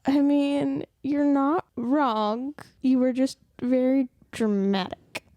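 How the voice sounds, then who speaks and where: A woman co-hosting a podcast, giving slow, teasing replies in casual chat. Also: sits high, fairly even intonation, mellow, no echo.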